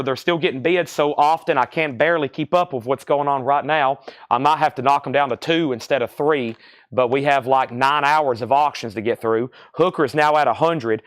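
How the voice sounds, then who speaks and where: A man's voice: on the high side, fairly bright tone, no echo, studio quality. A man hosting a live record sale stream, calling out prices and bids in a chatty, rambling way. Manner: chatty, rambling, self-deprecating.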